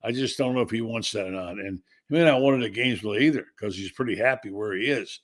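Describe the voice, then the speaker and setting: A man's voice: on the low side, fast. A man hosting a sports talk show, giving blunt opinions in a conversational way. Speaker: host. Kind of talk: casual sports talk discussion.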